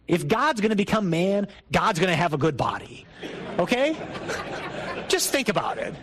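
A man's voice: high voice, very animated, moderate pace, crowd noise, low-quality recording. A middle-aged man, a priest, giving a conversational, emphatic talk to a group of men. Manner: conversational and emphatic, with rising bursts. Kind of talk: sermon talk to a men's group.

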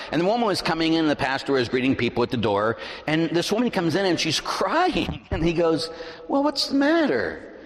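Middle-aged male pastor, sermon delivery, lively pitch, slightly high voice, long church reverb. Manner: animated preaching, swings between loud and hushed. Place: large church.

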